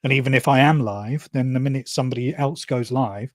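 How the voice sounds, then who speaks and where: A man's voice: mid-range voice, fairly quick, no room sound, clean studio sound. A man in casual livestream chat, blunt and indignant, swearing freely, heard over a video call.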